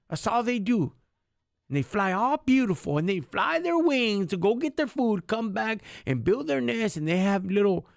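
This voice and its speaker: Slow, gravelly man preaching in street slang. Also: high-pitched, no room sound, clean studio sound. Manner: preachy, street slang, calls listeners homie and dog; mixes in Spanish words. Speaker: live streamer. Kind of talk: impassioned faith talk on a live stream.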